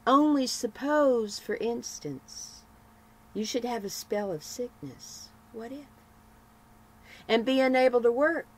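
A woman voicing a gloomy churchgoing lady who frets over worried what-if questions, raising her pitch and volume. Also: takes it slowly. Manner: fretful, piling up worried questions.

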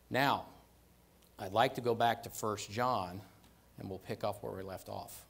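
A man with a fairly low voice delivers a sermon, leaning hard on key phrases and repeating them for weight. He keeps it conversational, checking in with his listeners as he goes. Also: measured pace, vocal fry. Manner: emphatic, repeats phrases for stress; conversational, asks "right?" and "okay?". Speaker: preacher.

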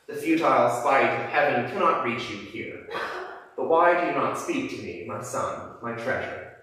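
A man preacher reading aloud the lines of a gloating male Satan, ruler of hell, in a steady voice. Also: mid-range voice, normal speed. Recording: echoey church from a distance.

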